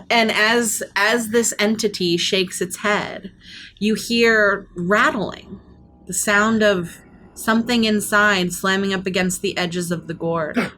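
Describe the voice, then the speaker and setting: A woman narrating as game master in a tabletop game, describing scenes at a deliberate, storytelling pace. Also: mid-range voice, steady tone, sharp tone.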